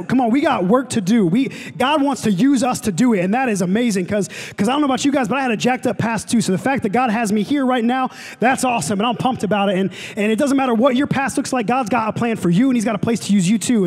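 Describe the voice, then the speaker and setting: A young man preaching a sermon to a college ministry, casual and excitable with lots of fillers. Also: high-pitched. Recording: long hall reverb, faint music.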